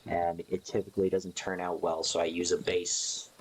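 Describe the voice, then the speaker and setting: A man chatting casually on a live stream, sleepy and yawning, rambling slowly in a playful, offhand way. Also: low-pitched, flat delivery, a little hiss or hum.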